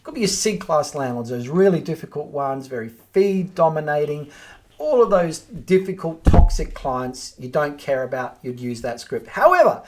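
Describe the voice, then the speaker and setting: A man's voice: a little high, lively intonation, moderate pace, a little hiss or hum. A man giving a direct training talk to real estate agents, acting out sample phone scripts as he goes. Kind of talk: instructional talk to camera.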